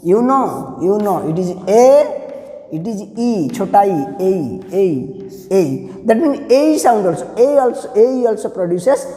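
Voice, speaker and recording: A man's voice: high voice, lively intonation, measured pace, mellow. A man with an Indian English accent teaching English pronunciation, repeating each word several times and asking his students questions. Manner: drills words by repeating them several times; addresses students directly with questions. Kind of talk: classroom-style lesson. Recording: echoey room with long reverb.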